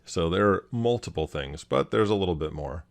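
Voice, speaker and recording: A man hosting a video, calmly analyzing a clip and explaining each point step by step. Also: deep voice, moderate pace. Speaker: host, body language analyst.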